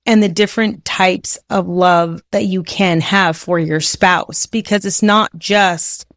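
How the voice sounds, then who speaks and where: A woman co-hosting a faith podcast with her husband, speaking in a heartfelt, emphatic way that rushes ahead at times. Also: on the low side, steady tone, a bit bright, dry recording, clean studio sound. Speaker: podcast co-host, wife. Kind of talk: faith-based podcast conversation.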